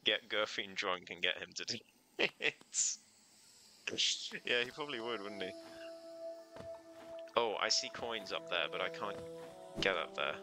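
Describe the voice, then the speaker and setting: A low-pitched man talks through his gameplay in a loose, chatty way, his voice rising and falling with lively swings. He laughs easily and reacts aloud to every jump and stumble, with game music playing clearly behind him. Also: a little slow, long pauses. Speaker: streamer. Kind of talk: casual live gameplay commentary.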